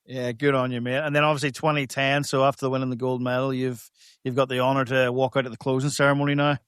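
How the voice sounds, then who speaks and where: A man's voice: mid-range voice, level tone, quick pace, fairly bright tone, clean tone, no room sound, clean studio sound. A man hosting a podcast, chatting with a guest in an enthusiastic, matey way. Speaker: podcast host. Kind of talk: casual interview chat.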